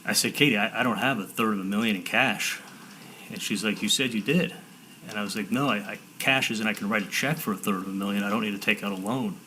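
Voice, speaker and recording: A low-quality recording captures a defendant on the stand, his low voice bright and forceful. He recounts conversations haltingly, in bursts, repeating words and starting over, while a faint room hiss lingers behind him.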